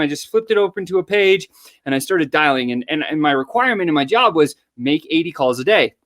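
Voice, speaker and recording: Energetic man telling sales stories. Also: high voice. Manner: energetic, animated storyteller acting out dialogue. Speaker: guest entrepreneur. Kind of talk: casual interview storytelling.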